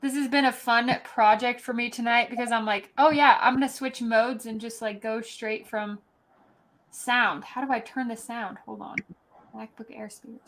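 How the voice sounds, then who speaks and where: A woman's voice: fairly high pitch, fairly bright tone. A woman hosting a casual live stream from her laptop, bubbly and joking, reading out viewer comments and laughing often. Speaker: show host.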